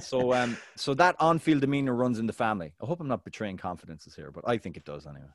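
A man's voice: quick pace, no room sound. A man co-hosting a football podcast, telling stories with big swings in his voice. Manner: animated storyteller, big pitch swings. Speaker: podcast co-host. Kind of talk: casual football chat.

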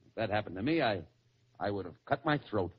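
A man's voice: lowish voice, lively intonation, quick pace. Exasperated straight man on old radio. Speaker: straight man of a comedy duo. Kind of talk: 1940s radio comedy. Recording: dull old radio broadcast recording with loud noise.

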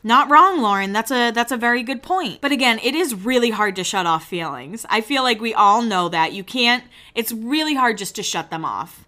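Bright, chatty woman podcast host. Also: fairly high pitch, expressive, normal speed, few pauses. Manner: gossipy, acts out quoted lines in shifting voices, swears casually. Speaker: podcast host recapping a reality show. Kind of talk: casual chatty recap commentary.

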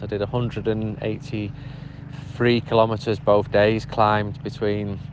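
Chatty man recording outdoors by traffic. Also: lowish voice. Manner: chatty, easygoing storytelling. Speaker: podcast contributor sending a voice update. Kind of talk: casual spoken update.

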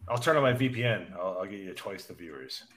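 A man's voice: low voice, expressive, fast, fairly bright tone. A man ribbing his friends with sarcastic jokes in casual podcast banter. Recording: crowd chatter behind. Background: crowd.

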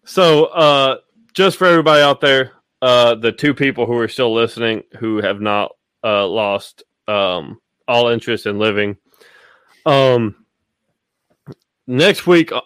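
A man's voice: mid-range voice, measured pace, a bit bright, clear, resonant tone, no room sound. Man, podcast host, casual rambling talk, swears a lot, dry close sound. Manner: rambling, profane, full of fillers.

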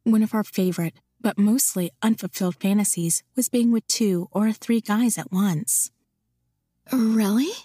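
A woman narrating a romance novel in an even, intimate storytelling voice. She sits in the middle range for a woman, recorded close and dry with no room sound. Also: medium pitch, moderate pace, few pauses, husky, no echo. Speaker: audiobook narrator.

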